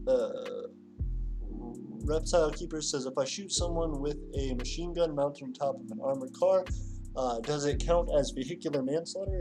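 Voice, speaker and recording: A man hosting a livestream in casual chat, reading out viewer comments with lots of fillers and restarts. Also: fairly high pitch. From Louisiana. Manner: rambling, filler-heavy, reads chat aloud. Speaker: livestream host.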